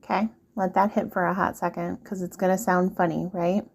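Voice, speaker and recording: A woman's voice: fairly low pitch, level tone, fairly quick, gravelly. A woman speaking earnestly and directly to the listener in a casual advice monologue, repeating her points. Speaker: vlogger giving relationship advice.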